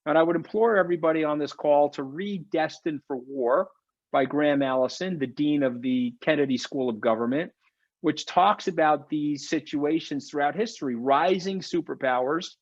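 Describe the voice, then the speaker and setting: A man's voice: a little high, no room sound. A man speaking as a webinar guest, fired up and preachy, over a video call microphone. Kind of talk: impassioned webinar talk. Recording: dull, dry lo-fi call audio.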